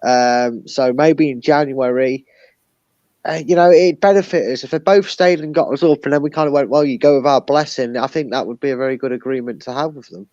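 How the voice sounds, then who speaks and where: A man's voice: medium pitch, fairly quick, a little mellow, dry recording. A man joining by video call as a guest pundit in casual football chat. He rambles and often restarts his sentences. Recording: muffled dry call audio.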